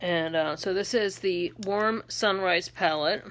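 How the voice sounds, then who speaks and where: A middle-aged woman chatting casually through a makeup tutorial, laughing often and breaking into shrill put-on accents. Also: a little slow, fairly bright tone. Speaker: beauty vlogger and makeup seller.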